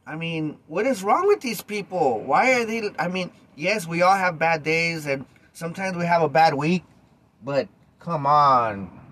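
A man with a fairly high speaking voice tells a story on his podcast. He talks right at his listeners in a casual, animated monologue and swears freely. His delivery is loose and conversational. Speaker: podcast host.

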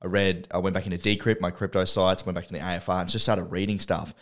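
A man's voice: low voice, flat delivery, fast, a bit bright. A man co-hosting a podcast in casual chat, swearing freely and talking in a laid-back way. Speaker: podcast co-host. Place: studio.

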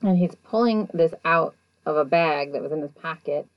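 Woman, casual storytelling, chatty, acts out quotes, lowish voice, dull lo-fi sound. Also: normal speed, no echo. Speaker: show recapper.

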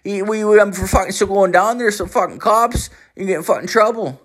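A man's voice: high-pitched, a little fast, voice pushed up. A man putting on a foul-mouthed working man with a Newfoundland accent who rambles and swears in every phrase. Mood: agitated.

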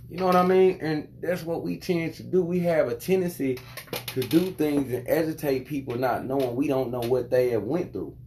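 A father telling a frustrating story to camera, venting in a loose, profane, animated way. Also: a little high, normal speed, a little hiss or hum. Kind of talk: casual storytelling monologue.

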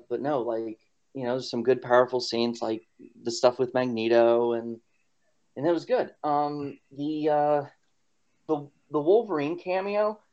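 A man's voice: mid-range voice, darkish tone. A man co-hosting a podcast in casual chat, rambling with lots of fillers and frequent laughs. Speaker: podcast co-host. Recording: dull lo-fi podcast audio.

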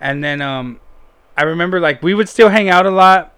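A young man spins a meandering story from his school days, swearing freely and leaning on fillers. His voice sits a bit high and sounds smooth and resonant. He is recorded close-up in a dry, quiet room. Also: moderate pace, no echo. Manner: rambling, profane, full of fillers. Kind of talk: casual storytelling chat.

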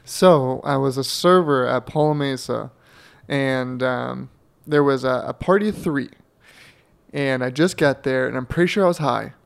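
A man's voice: mid-range voice, measured pace, creaky, smooth. A young man and podcast co-host, rambling through a casual story, swearing, laughing and acting out what people said.

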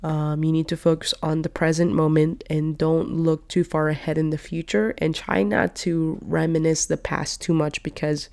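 A woman's voice: low voice, level tone, normal speed, few pauses, darkish tone. A woman in her twenties hosting her own podcast in a casual, rambling way, still a little sick, filling her talk with "like" and "you know.". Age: 20s. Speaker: podcast host. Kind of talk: casual solo podcast chat. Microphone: podcast microphone.

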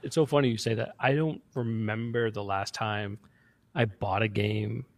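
A man's voice: fairly low pitch, fairly even intonation, normal speed, no room sound. A man co-hosting a podcast, casual chat with brief agreeing responses. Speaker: podcast co-host.

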